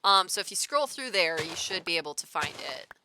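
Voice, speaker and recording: A woman's voice: on the low side, expressive, brisk, pushed and bright, slight background noise. A young woman streaming a building game, chatting, reading chat messages aloud and talking to herself as she plays. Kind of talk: casual gameplay commentary.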